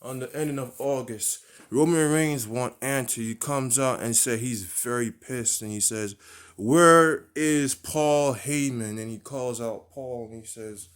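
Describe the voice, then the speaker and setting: A man's voice: mid-range voice, fairly even intonation, moderate pace, few pauses. A man rambling through a wrestling storyline he invented, full of restarts and repeated words. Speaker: wrestling fan booking storylines. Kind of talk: rambling fantasy booking monologue.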